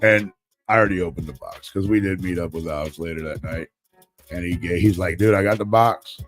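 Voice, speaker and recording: A man co-hosting a live talk show, telling a rambling, profane, animated story about winning a raffle. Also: low-pitched, fairly quick, soft background music. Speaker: podcast co-host. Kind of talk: casual storytelling chat.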